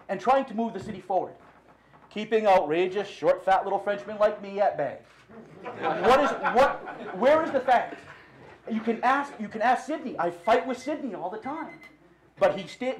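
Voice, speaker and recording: Into a podium microphone at a city council meeting, a middle-aged man with a high voice delivers unscripted public comment. He sounds impassioned, stumbling and starting over again and again.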